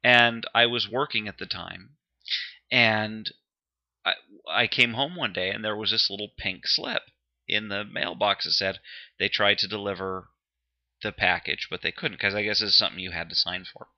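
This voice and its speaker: A man co-hosting a casual chat show tells a story in a fairly low voice at a moderate pace, laughing often and turning defensive when teased. It's casual banter, captured with dull, lo-fi sound.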